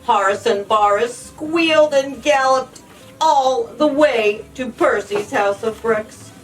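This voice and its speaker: Librarian lady reading a kids story aloud, sing-song and slow, mic far away. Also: on the high side, faint music behind. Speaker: children's librarian. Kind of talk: storybook read-aloud for children.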